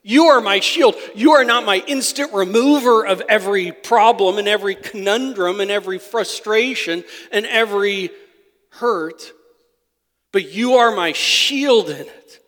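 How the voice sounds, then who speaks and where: A man with a high, light voice preaches a sermon, pressing points with loud emphatic bursts and then dropping to quiet asides. His voice rings out with a long reverb from a church hall. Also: measured pace. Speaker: pastor.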